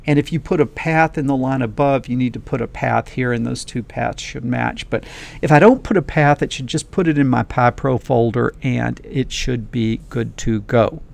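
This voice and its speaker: A man's voice: mid-range voice, moderate pace, gravelly, darkish tone. A man teaching a coding lesson in a casual, folksy, enthusiastic way, talking straight to his viewers. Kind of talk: casual screen-recorded lesson.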